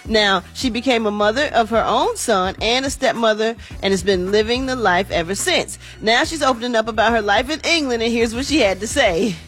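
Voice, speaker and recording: Brief: woman radio host, celebrity news, folksy chatter, slightly high voice, faint music bed. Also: brisk, few pauses, fairly bright tone. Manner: chatty, folksy, says y'all and honey. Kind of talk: radio morning show segment.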